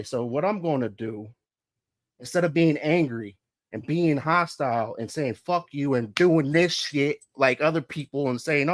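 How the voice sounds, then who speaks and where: A man hosting a livestream podcast, ranting in a profane, confrontational way and repeating his points for emphasis. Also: on the high side. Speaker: podcast host. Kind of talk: heated livestream rant. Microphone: streaming mic.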